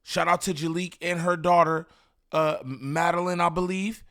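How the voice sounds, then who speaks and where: A man hosting a commentary channel, talking in an animated, rambling, slangy way with lots of repeats. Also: on the high side, normal speed. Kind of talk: casual reaction commentary.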